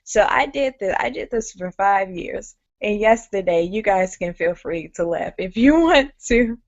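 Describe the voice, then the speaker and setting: A woman with a medium-pitched voice tells a personal story candidly as a guest speaker on a webinar, chatting unhurriedly with lively intonation and plenty of fillers. The recording is dry, and the audio sounds muffled and lo-fi.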